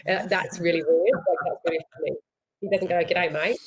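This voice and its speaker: A woman's voice: fairly low pitch, fairly quick, breathy edge. Laughing woman with Australian-British accent. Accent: mixed Australian and British. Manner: animated, laughs often. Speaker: actress guest. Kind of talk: casual chat.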